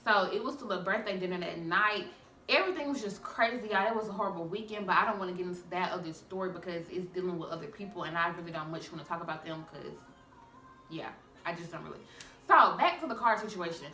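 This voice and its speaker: A young woman vlogger telling a storytime to her viewers in a chatty, animated way, calling them y'all. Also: fairly low pitch, fast, soft background music. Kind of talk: storytime vlog. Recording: echoey room, a bit far from mic.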